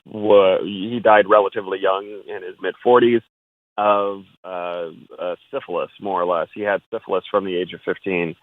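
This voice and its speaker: A man's voice: low-pitched, level tone, normal speed, no room sound. A man calling in as a guest film critic, giving opinionated, wry takes in a casual chat. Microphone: phone call. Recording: tinny dry phone line.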